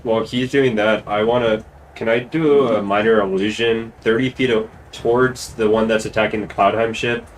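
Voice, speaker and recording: A man playing a tabletop game, chatty and joking with quick asides. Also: on the low side, steady tone, slight background noise. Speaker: player. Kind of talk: casual tabletop game play. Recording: distant mic with faint background music.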